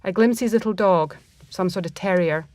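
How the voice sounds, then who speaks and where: A woman reading a first-person story aloud in a reflective, measured manner. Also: fairly low pitch, darkish tone, no room sound.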